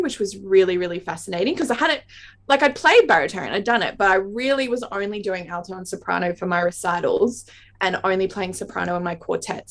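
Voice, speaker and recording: An Australian woman in her thirties, a saxophonist guest chatting in an interview, talking in tumbling bursts and laughing often. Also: medium pitch. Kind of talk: casual interview chat.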